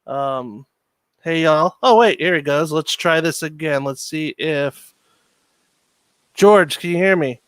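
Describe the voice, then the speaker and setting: A man hosting a live stream, easygoing and quick to laugh as he greets his viewers. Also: fairly high pitch, clear, resonant tone, no echo. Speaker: host. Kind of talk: casual live-stream chat.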